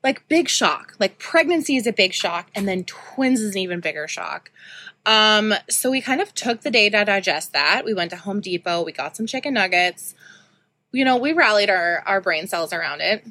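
Bright-voiced woman, chatty and candid. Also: medium pitch, animated, moderate pace, no room sound. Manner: candid, chatty, frequent ums and likes. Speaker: podcast host. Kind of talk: casual personal storytelling.

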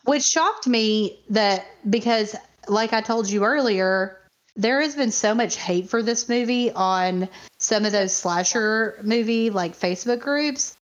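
A woman co-hosting a podcast in casual chat, excitable and quick to rant and laugh. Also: fairly high pitch. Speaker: podcast co-host. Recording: muffled lo-fi recording.

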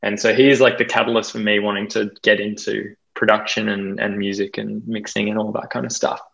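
A young Australian man chatting casually as an interview guest, self-deprecating and quick to laugh, with plenty of fillers. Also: lowish voice, level tone, gravelly, a bit bright, highs cut off. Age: young adult. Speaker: guest DJ and producer.

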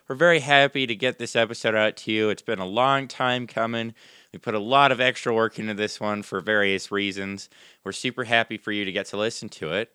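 Give me a man with a bright, smooth voice introducing a podcast episode. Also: fairly low pitch, fairly even intonation, fairly quick, no room sound, studio quality. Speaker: podcast host and player. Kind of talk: casual tabletop game chat.

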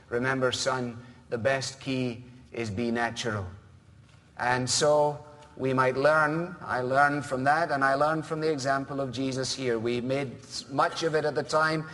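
A man preaching a sermon as pastor, measured and earnest, now and then mimicking other people's voices. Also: medium pitch, fairly even intonation, fairly bright tone, in a large hall.

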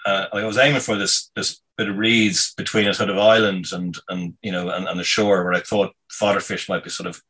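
A deep-voiced man tells a long personal story at an unhurried, rambling pace. His voice is low and a little husky, and he keeps stopping to hunt for the next word. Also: level tone, bright, forceful tone, rough recording. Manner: meandering, halting, many fillers. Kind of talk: casual anecdote.

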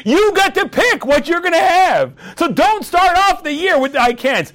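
High-voiced man giving a sermon. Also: moderate pace, few pauses. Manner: storytelling with acted quotes, animated delivery.

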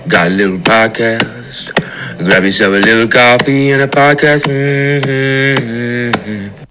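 A man putting on a deep, drawn-out announcer voice to hype his own show's intro. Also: over music, close to an everyday voice. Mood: hyped.

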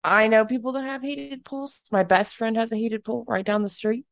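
A woman in her thirties co-hosting a podcast, chatty and animated, with lots of "like" in her speech. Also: fairly high pitch, moderate pace, creaky, no room sound, clean studio sound. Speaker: podcast co-host. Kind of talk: casual podcast chat.

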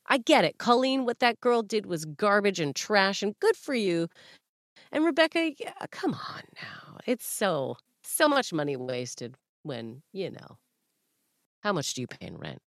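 A woman's voice: medium pitch, unhurried, no room sound, studio quality. A woman hosting a podcast, chatting casually and telling stories with playful put-on voices. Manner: animated, jokey storytelling with playful voices. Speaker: podcast host. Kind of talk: casual chat.

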